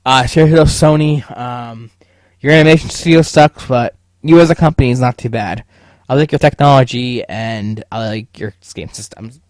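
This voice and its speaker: A young man hosting his own podcast, venting in a loose, profanity-heavy rant. He often stumbles and restarts his sentences. His voice sits at an ordinary pitch, recorded dry and close. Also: moderate pace, no echo. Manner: heavy swearing, stammering restarts. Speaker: podcast host. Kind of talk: casual solo podcast rant.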